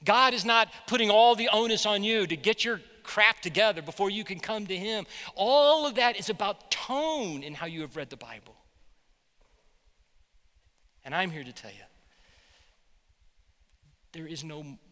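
A man, a pastor, preaching a sermon with animated storytelling. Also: high-pitched, measured pace, pauses often, in a large hall. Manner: animated storytelling, voicing quotes loudly.

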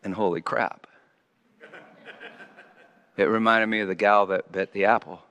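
A man in his sixties gives a self-mocking storytelling sermon, dropping to a low murmur and then rising to loud exclamations. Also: fairly even intonation, measured pace, dull audio. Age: 60s. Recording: long hall reverb.

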